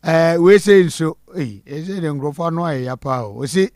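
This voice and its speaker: Host voice: Ghanaian man, slightly high, dry studio sound, reads viewer shout-outs briskly. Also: dry recording. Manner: reads out names and messages, mixing Twi and English. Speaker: host reading viewer comments. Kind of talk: live election-night studio talk.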